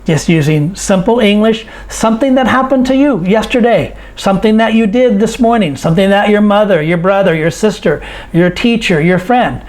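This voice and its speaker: An English teacher giving a grammar lesson, drilling irregular past-tense verbs with example sentences in a slow, deliberate way. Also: medium pitch, a little mellow.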